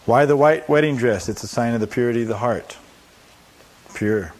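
A man's voice: mid-range voice, normal speed, a little mellow. A man preaching a sermon as a pastor. He poses rhetorical questions and answers them, acts out quoted voices and adds humorous asides.

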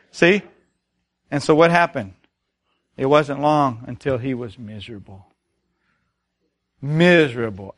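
A man's voice: a little high, a bit bright. A middle-aged man preaching a sermon, telling stories and asking the congregation rhetorical questions. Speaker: pastor.

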